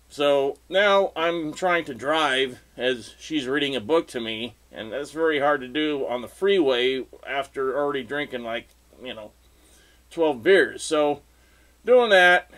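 A guitarist telling an unscripted story in a loose, rambling way, laughing often and acting out what people said. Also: male voice, medium pitch, fairly bright tone.

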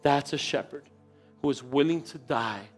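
A male pastor preaching a sermon in a church, telling a story with dramatic swings between quiet and loud. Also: mid-range voice, normal speed, soft background music. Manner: storytelling, dramatic shifts in loudness.

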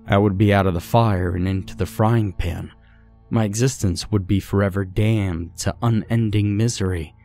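Deep-voiced man narrating a horror story. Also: gravelly, dark tone.

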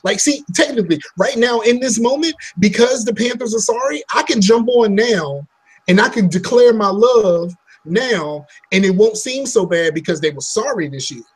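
A man with a fairly high, husky voice co-hosts a relaxed podcast chat. He talks bluntly and teases with trash talk. He wanders and restarts his sentences as he goes. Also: moderate pace. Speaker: podcast co-host. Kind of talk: casual chat.

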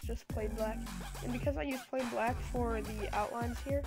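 Congested, gravelly young woman. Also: fairly high pitch, fairly even intonation, moderate pace. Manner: chatty, rambling, lots of fillers. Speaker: product reviewer. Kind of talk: casual product review and drawing demo. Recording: music playing behind the voice.

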